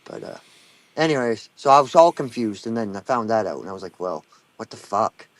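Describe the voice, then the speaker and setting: A man's voice: mid-range voice, very animated, fast. A man in his thirties with a Down East Maine accent, telling stories bluntly and with lots of swearing in casual chat. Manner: blunt, profane storytelling.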